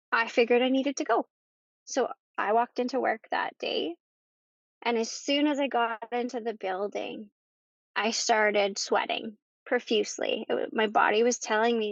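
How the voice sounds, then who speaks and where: A woman, a podcast guest, tells her personal story in conversation, halting and repeating herself as she goes. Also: fairly high pitch, steady tone, vocal fry, fairly bright tone, dry recording. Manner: halting, with many pauses and repeated words. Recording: dull lo-fi dry recording.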